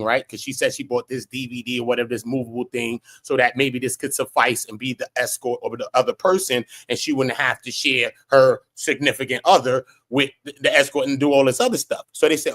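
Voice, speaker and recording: A man's voice: medium pitch, fast, fairly bright tone. A man on a panel who talks in street slang and acts out what people say. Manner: street talk, acts out quotes. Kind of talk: live panel discussion.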